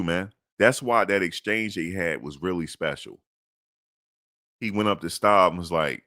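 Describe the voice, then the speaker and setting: Deep-voiced blunt sports host, man. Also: takes it slowly, pauses often, dry recording, studio quality. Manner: preachy and blunt, swears, swings to high excited pitch. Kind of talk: emphatic sports talk monologue.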